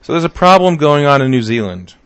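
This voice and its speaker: A man's voice: fairly high pitch, very animated, fairly quick, clean tone, no echo. A man hosting a comedy podcast, casually running through odd news stories and teasing his co-hosts. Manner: wry, teasing, leads the segment. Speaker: podcast host.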